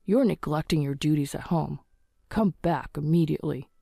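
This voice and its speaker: A woman's voice: deep voice, moderate pace, creaky, mellow, no echo, studio quality. A woman voicing a cold, dismissive husband who wants a son, with a curt and scornful delivery in a storybook narration. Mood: contemptuous.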